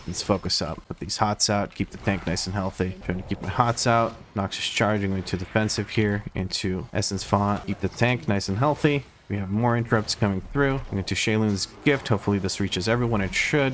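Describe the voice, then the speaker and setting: A young man giving rambling, self-deprecating live commentary on his own gameplay, talking through every move as he makes it. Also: lowish voice. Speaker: gaming video host.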